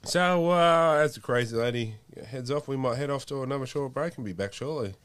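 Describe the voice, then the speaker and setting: A man's voice: mid-range voice, a little fast, very noisy. A man hosting a podcast in a jovial, loose, chatty way. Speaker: podcast host. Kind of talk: casual chat.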